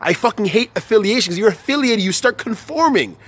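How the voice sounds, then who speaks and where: His voice is high-pitched, a little fast, fairly bright and slightly rough, with animated delivery. The young vlogger rants unscripted to camera for motivation, cursing heavily, repeating points, restarting sentences and heating up as he goes.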